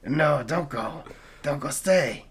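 A man co-hosting a comedy podcast, rambling through deadpan, absurd improvised jokes. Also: on the high side, takes it slowly, over a noisy crowd. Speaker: podcast co-host.

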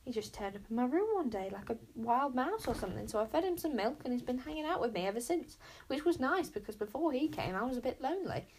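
Woman reading as a lonely little princess girl, hopeful, wheedling, high with a gravelly edge, storybook. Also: very animated, fast talker, hardly any pauses, a little mellow, slight background noise. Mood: pleading. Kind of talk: storybook read-aloud.

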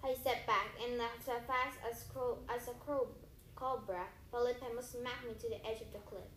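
Woman, first-person story reading, lively with small stumbles, faint background hiss. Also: on the high side, normal speed, reverberant, rough recording. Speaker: audiobook reader.

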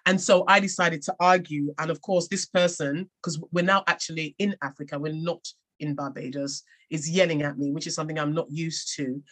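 A woman's voice: deep voice, fairly even intonation, a little fast, hardly any pauses, a bit bright. Earnest English woman telling her story. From England. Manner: earnest and reflective, with frequent restarts. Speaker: podcast guest and author. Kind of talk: personal storytelling in a podcast interview.

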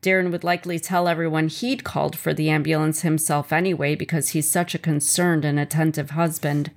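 In a measured, earnest reading, a woman voices a chapter of her memoir in the first person. She speaks a little low, keeping a level tone.

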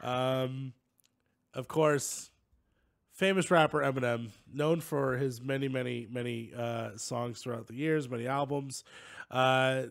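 A man's voice: medium pitch, fairly even intonation, slow, creaky. A man co-hosting a podcast in jokey casual chat, laughing often. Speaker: podcast co-host.

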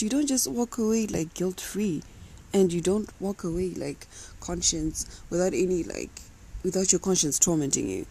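A woman's voice: fairly low pitch, animated, normal speed, vocal fry, dark tone, husky, poor audio. A young woman hosting a podcast, ranting in a casual, emphatic way and swearing freely. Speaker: podcast host. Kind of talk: casual rant.

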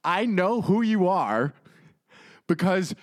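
A man's voice: high-pitched, sing-song, slow. A man, co-hosting a casual podcast and ranting indignantly with lots of swearing. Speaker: podcast co-host. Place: home podcast studio.

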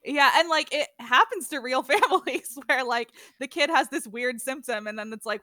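A woman's voice: high voice, lively intonation, moderate pace, few pauses, sharp tone, no room sound, clean studio sound. A woman co-hosting a casual podcast chat, chatty and wry, laughing easily. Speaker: podcast co-host.

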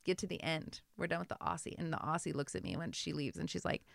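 A woman hairstylist telling her story in a casual interview, animated and acting out what people said. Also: low voice, fast talker, vocal fry, no echo, studio quality. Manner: animated, acts out quotes, laughs often. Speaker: guest, hairstylist.

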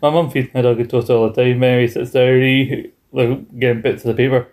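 A man's voice: medium pitch, fairly quick. A man co-hosting a podcast, chatting casually and animatedly as he recaps a sitcom episode and acts out quotes. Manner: animated, reads out scene quotes in put-on voices. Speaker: podcast co-host.

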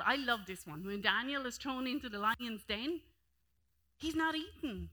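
A woman's voice: sits high, sharp tone. A woman preaching a sermon, dropping in "amen" often and swinging her voice up and down for emphasis. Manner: calls "amen" often, voice rising and falling with emphasis.

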